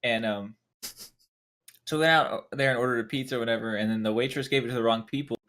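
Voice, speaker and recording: A young man on a podcast, relaxed, telling a story in casual chat and quoting people in a lifted voice. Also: medium pitch, fast.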